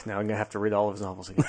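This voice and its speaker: A man hosting a podcast, talking casually and conversationally, easily amused. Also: on the low side. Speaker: podcast host.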